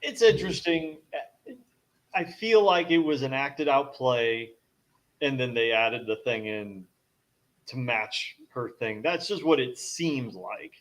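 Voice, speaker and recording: A man's voice: mid-range voice, slow pace. A man chatting casually on a live show, joking and laughing between remarks. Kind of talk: casual chat.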